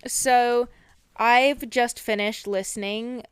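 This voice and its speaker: A woman's voice: a little high, fairly even intonation, takes it slowly, clean tone. A woman co-hosting a casual podcast chat, teasing her co-host and laughing often.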